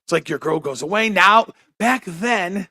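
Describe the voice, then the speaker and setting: A man's voice: sits high, animated, measured pace, pushed and bright, dry recording, clean studio sound. A man telling crude, rambling stories on a podcast, often laughing at himself. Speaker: podcast co-host. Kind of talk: casual chat.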